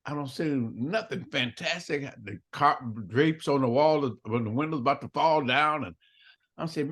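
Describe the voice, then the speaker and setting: A man's voice: on the high side, moderate pace, a bit bright. An older man telling a story in an interview, acting out both sides of the dialogue and laughing often. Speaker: interview guest.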